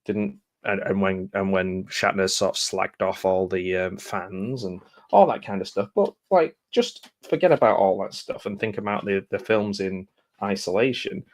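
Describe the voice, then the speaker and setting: A man with a voice on the low side rambles casually through a stack of film blurbs. He reads a bit, stops to muse, trips over himself, and picks the thread back up. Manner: rambling, self-interrupting, musing aloud; reads blurbs then breaks off with asides. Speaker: film vlogger. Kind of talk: casual chat, reading film blurbs aloud.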